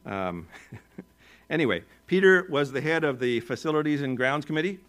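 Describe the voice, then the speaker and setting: A male pastor with an American accent preaching a sermon in a relaxed, conversational way, with joking asides and chuckles. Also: on the high side, moderate pace.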